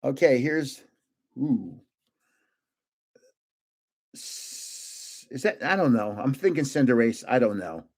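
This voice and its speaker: A man's voice: mid-range voice, lively intonation, slow, pauses often, a little mellow. An older man hosting a casual live stream, chatting and joking as he guesses card names aloud. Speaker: livestream host opening trading cards.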